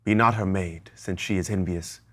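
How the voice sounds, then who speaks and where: A male actor reciting Shakespearean verse as the lovestruck young Romeo, in a measured, lyrical delivery. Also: sits low, fairly even intonation, fairly bright tone.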